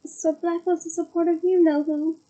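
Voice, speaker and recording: A man's voice: extremely high pitch, flat delivery, brisk, dark tone. A woman voicing a nervous teenage wizard boy who speaks hastily and apologetically. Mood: apologetic. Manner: hasty, apologetic. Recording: muffled lo-fi recording.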